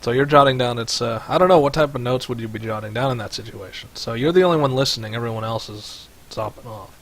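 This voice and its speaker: A man's voice: medium pitch, quick pace, a bit bright. A man running a tabletop game as game master over voice chat, rambling with many fillers. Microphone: headset or desk mic on voice chat.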